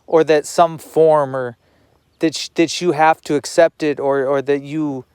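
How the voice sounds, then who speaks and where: A man's voice: a little high, fairly even intonation, a little slow, darkish tone, clear, resonant tone, dry recording, studio quality. A man talking to the camera in a rambling personal monologue, repeating words and swearing now and then.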